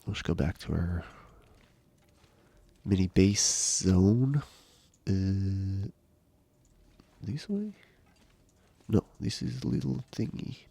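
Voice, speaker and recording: A man's voice: sits low, takes it slowly, creaky, long pauses, no room sound. A man streaming a survival game live, chatting casually with viewers while he plays, his voice nasal and stuffy from a cold. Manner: relaxed, chatty, reads chat aloud.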